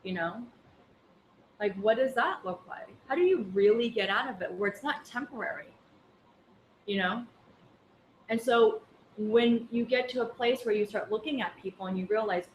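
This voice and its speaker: A woman's voice: on the high side, normal speed, long pauses, a little hiss or hum. Woman teaching a casual dharma class. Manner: conversational, anecdotal, many fillers. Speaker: Buddhist teacher. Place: class room. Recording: echoey room with faint ambience.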